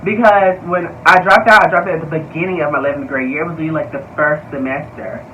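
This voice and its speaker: A young man telling a story to viewers in a casual vlog, animated, slangy and profane, calling his audience y'all. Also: on the high side, quick pace, distant mic, highs cut off, slight background noise. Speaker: vlogger.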